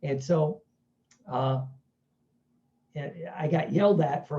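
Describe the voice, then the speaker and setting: Man, self-help speaker, casual storytelling, keeps checking in with listeners; mellow tone, slightly muffled recording. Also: a little high, steady tone, normal speed. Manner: chatty, keeps asking "right?", acts out quoted voices.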